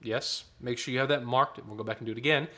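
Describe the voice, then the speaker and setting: A man leading a choir rehearsal online, coaching the singers in a friendly way, checking in often and clearing his throat now and then. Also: medium pitch, fairly even intonation, quick pace. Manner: counts in and demonstrates rhythms aloud. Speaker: choir director.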